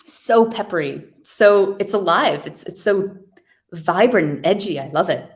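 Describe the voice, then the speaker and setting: A woman's voice: on the low side, unhurried. A woman from New York hosting a virtual wine tasting over a video call, chatting casually and describing wines with enthusiasm.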